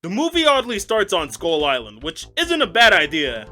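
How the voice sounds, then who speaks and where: A man's voice: sits high, huge pitch swings, moderate pace, over music. A young man giving a sarcastic comedic film review, with exaggerated outbursts.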